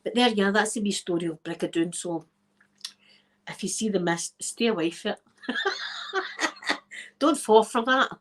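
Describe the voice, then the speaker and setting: A woman's voice: mid-range voice, lively intonation, measured pace, pauses often, fairly bright tone. A Scottish woman, an ASMR creator, chatting casually to her viewers as she tells a story, laughing often and checking in with "right?". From Scotland.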